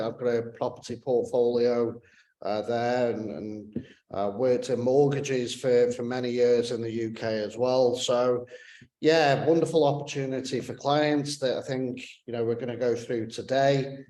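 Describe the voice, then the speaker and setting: A man's voice: medium pitch, steady tone, measured pace, warm tone. A man with a northern English accent co-presenting a webinar over a video call, teasing and joking as he talks. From northern England. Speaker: team lead, co-presenter. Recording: echoey room.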